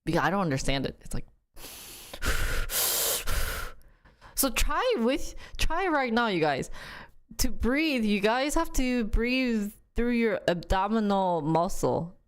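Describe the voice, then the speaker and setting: A young woman streamer chatting casually with viewers, telling a story in an animated way and acting out quotes with sudden jumps in pitch. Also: takes it slowly, long pauses, clear, resonant tone.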